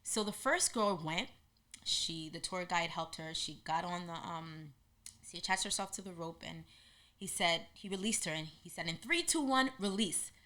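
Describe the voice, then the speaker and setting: Bright-voiced woman telling a story. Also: lowish voice, normal speed. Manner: animated, acts out quotes in lively voices. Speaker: podcast host. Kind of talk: personal storytelling monologue.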